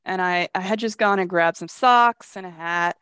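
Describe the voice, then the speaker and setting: A woman telling stories in casual conversation, animated and acting out what people said. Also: on the low side, moderate pace, smooth, no echo, studio quality. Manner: animated storyteller, acts out quotes. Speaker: guest, shelter project manager.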